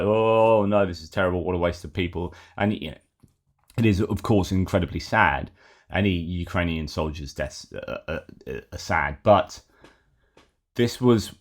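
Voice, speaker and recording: A man delivers solo news commentary. His talk is conversational, with frequent fillers and self-corrections. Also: low voice. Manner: conversational, many fillers and restarts.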